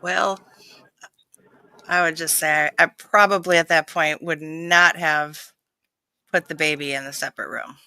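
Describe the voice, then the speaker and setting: Bright, smooth co-host chiming in. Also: mid-range voice, steady tone, measured pace, pauses often, no echo. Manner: chimes in with short reactions and opinions. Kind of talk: casual chat.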